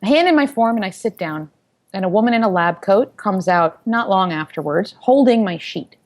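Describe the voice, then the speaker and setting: In an interview, a woman in her thirties recounts her journey as a founder. Her voice sits in the middle range, and she tells the story with animation, performing what others said in their own voices.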